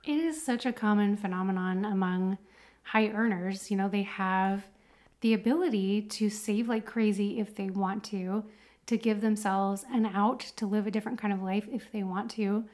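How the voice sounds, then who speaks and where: A woman co-hosting a podcast in a casual chat. She talks in a chatty, animated way, full of fillers, and her pitch sits in the middle of the range. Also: moderate pace. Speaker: podcast co-host.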